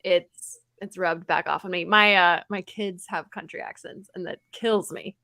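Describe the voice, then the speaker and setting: A woman's voice: on the low side, steady tone, moderate pace, bright, forceful tone, no echo. A woman from Texas, her accent mostly trained away, co-hosting a casual podcast chat with dry, teasing humor. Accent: Texas, mostly neutralized. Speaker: podcast co-host.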